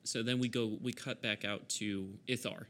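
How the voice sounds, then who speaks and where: A man's voice: medium pitch, steady tone, moderate pace, a bit bright, a little hiss or hum. A man narrating as game master of a tabletop game, laughing often as he describes the scenes.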